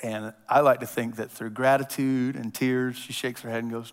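A man preaching a sermon in a casual, animated storytelling manner, acting out voices as he tells the story. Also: medium pitch, moderate pace, hardly any pauses. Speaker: pastor. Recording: long hall reverb.

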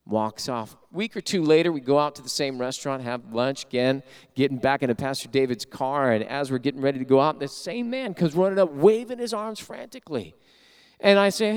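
A man preaching a sermon as a pastor, telling a story with animated delivery and acting out what people said. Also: high voice, brisk, smooth. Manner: animated storyteller who acts out quoted voices.

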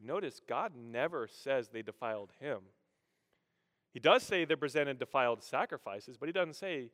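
Bright-voiced pastor preaching in a hall. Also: male voice, medium pitch, normal speed. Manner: storytelling, animated, humorous, with vocal sound effects. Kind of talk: sermon. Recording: echoey hall.

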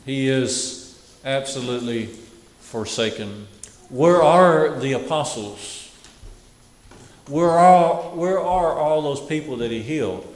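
Slow, echoey male preacher. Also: medium pitch, lively intonation. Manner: repeats key phrases, dropping to a hush. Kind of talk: sermon.

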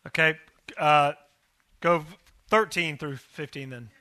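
A male pastor preaches with animated energy, acting out scenes and prodding his listeners. His voice is bright and forceful, a touch higher than most men. The sound is dry and close. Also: measured pace, no room sound. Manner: animated, acts out biblical quotes, prods the audience. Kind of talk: sermon.

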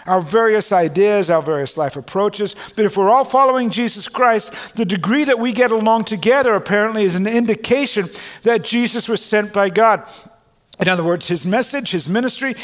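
A pastor preaching in a reverberant hall. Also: male voice, sits high. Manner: earnest, swings from loud proclamation to quiet asides. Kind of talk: sermon. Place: church sanctuary. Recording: long reverb of a large hall.

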